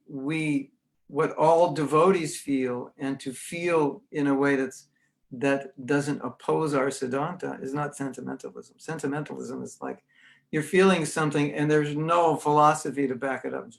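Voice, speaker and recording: This is a gravelly, higher-pitched male voice moving at a measured pace. He's an American spiritual teacher running an online class, talking in a relaxed, lively way and performing the voices of others he describes.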